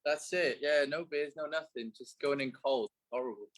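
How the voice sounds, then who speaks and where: A man's voice: on the high side, normal speed, fairly bright tone, rough recording. A man from Wales, a barber, chatting in a laid-back, matey way.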